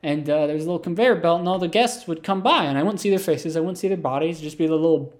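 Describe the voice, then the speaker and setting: A man with a fairly high voice spins an improvised comic monologue. He rambles and doubles back, with lots of "you know" and "right?". His deadpan delivery treats the nonsense as plain fact. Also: quick pace. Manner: rambling, absurd, deadpan, full of fillers and asides. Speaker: comedic storyteller.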